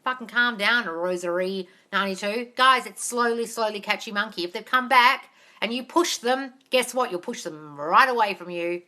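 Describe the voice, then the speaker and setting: Running a live question-and-answer stream, a woman who works as a manifestation coach answers bluntly and quickly, cursing without restraint and clearly exasperated. Her medium-pitched voice sounds pushed and bright.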